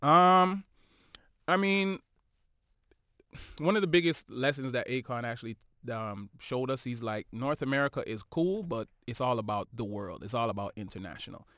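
A man talks through his stories in a relaxed, animated way, often tagging on "you know what I'm saying". His voice sits mid-range and comes through smooth and clear. The recording is dry and close. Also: mid-range voice, moderate pace, no echo. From Toronto, Canada. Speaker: guest musician. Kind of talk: casual interview chat.

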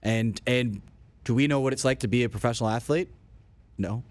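A man's voice: mid-range voice, fairly quick, darkish tone, dry recording. A man co-hosting sports radio, joining in with joking, conversational banter.

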